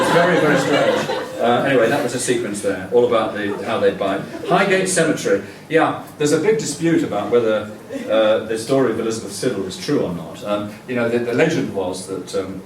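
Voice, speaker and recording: An older man with a fairly low voice tells anecdotes in a public lecture, chatty and rambling, with lots of "uh" and restarts. He is picked up from a distance in a roomy, echoing lecture hall. Faint room noise sits underneath. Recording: echoey hall, distant mic.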